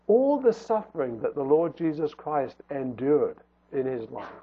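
A man's voice: on the high side, very animated, a little slow, husky. A man preaching a sermon in an earnest tone, his voice rising and falling for emphasis. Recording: tinny phone-like sound.

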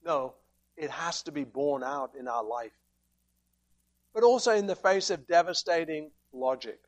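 At a measured pace, a man with a high voice preaches, keeping an emphatic, even delivery. He explains his point by quoting scripture and asking frequent rhetorical questions.

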